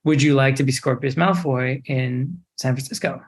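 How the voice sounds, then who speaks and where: Young man telling a lively story. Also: mid-range voice, normal speed. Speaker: actor guest. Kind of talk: casual interview storytelling.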